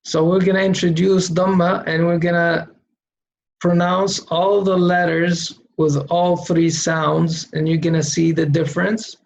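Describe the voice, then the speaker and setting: A man's voice: high voice, level tone, unhurried, gravelly, muffled recording. A man teaching Quran reading in an online lesson, patiently drawing out syllables for students to repeat.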